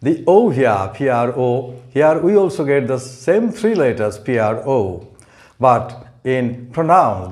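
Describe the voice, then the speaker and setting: A man gives a slow, careful pronunciation lesson, spelling words out letter by letter and saying each one several times. His pitch swings widely as he stresses syllables, and he never hurries. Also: darkish tone. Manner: spells out letters and repeats words slowly and deliberately. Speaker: pronunciation teacher.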